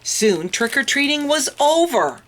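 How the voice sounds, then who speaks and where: A woman reading a picture book aloud to children, expressive and adding little asides to her listeners. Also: high-pitched, measured pace, slight background noise. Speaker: storytime reader.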